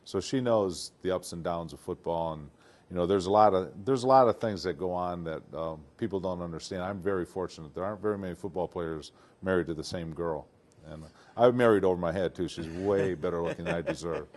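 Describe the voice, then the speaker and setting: An older man from Detroit, a retired football player, telling stories in a casual interview, animated and acting out what people said. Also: deep voice, brisk. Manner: animated, acts out quotes, laughs often.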